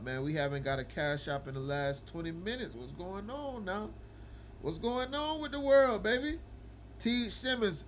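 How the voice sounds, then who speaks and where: A man hosting a livestream, chatting casually with viewers and teasing them, going from low mumbling to loud ranting. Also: slight background noise. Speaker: livestream host of a game broadcast.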